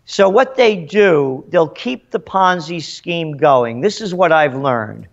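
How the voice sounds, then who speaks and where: Interviewed as a trends forecaster, this man talks slowly in a voice on the high side with lively intonation. The animated exchange finds him indignant and emphatic, full of rhetorical questions, over a dull lo-fi recording.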